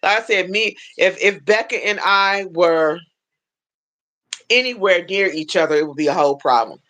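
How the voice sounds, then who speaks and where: A woman hosting a casual livestream chat, telling animated stories and acting out the people she quotes. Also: normal speed, poor audio. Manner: animated storyteller, acts out quoted voices with high pitch. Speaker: livestream host. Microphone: phone livestream.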